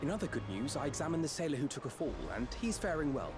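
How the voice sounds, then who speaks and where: An actor playing an earnest young male healer in a video game, speaking softly and eloquently. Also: fairly high pitch, sing-song, fast talker, music in the background.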